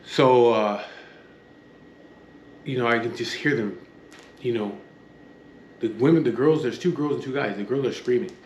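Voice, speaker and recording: A man tells a story from his own past in a blunt, foul-mouthed way, with a voice that sits at an ordinary middle pitch. The room sounds roomy and echoey, with a faint hum of ambience behind him. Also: a little slow, pauses often, dull audio. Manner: blunt and profane, acts out the dialogue. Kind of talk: casual spoken storytelling.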